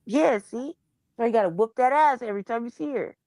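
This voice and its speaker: A woman's voice: fairly high pitch, fairly quick, no room sound. A woman hosting a casual livestream chat, swearing freely and telling stories with lots of animation. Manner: profane, animated storytelling. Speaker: show host.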